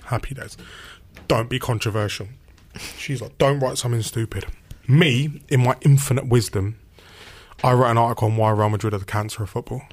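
A young man tells an animated anecdote, acting out both sides of old conversations and jumping up in pitch for the lines he quotes. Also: a little fast. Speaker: guest telling a story.

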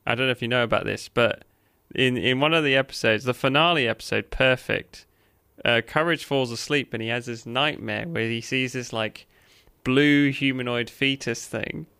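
A man's voice: medium pitch, gravelly, pushed and bright, smooth. A man co-hosting a podcast, chatting casually and laughing often. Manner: laughs often, pauses with fillers. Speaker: podcast co-host. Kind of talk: casual chat.

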